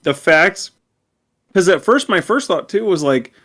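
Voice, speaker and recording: A man co-hosting a fan podcast, telling an excited, rambling story in casual chat. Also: high-pitched, measured pace. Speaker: podcast co-host.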